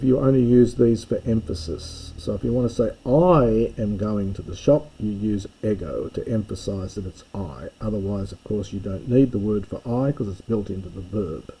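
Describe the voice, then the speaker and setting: A man's voice: lowish voice, mellow, slightly rough, poor audio. A man teaching a recorded language lesson, explaining forms step by step in a methodical way. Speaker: Greek teacher. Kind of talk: recorded lecture.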